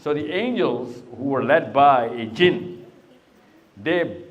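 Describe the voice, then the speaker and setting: A man's voice: mid-range voice, animated, slow pace, dull audio. A middle-aged man speaking to young people in a live talk, quizzing them patiently and then telling a long story. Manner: questioning, coaxing and storytelling.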